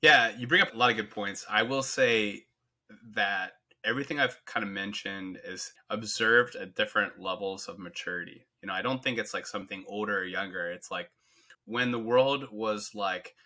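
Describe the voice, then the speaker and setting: A man's voice: on the low side, normal speed, bright, forceful tone. A man being interviewed on a podcast, telling his story in a candid, reflective way. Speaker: podcast guest. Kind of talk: conversational interview.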